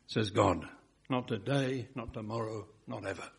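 A man preaching a sermon, building phrases up emphatically and dropping to a hush on key words. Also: lowish voice, moderate pace, creaky, breathy edge.

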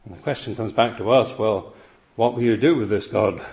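A man's voice: on the low side, normal speed, darkish tone. A man preaching a sermon, earnest and emphatic, often pressing his point with rhetorical questions.

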